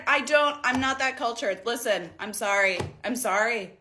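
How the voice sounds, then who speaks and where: A woman from Northern Michigan telling a story in a casual vlog, exasperated and animated, acting out what others said. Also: on the high side, moderate pace, few pauses. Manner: exasperated, animated retelling with mimicked quotes.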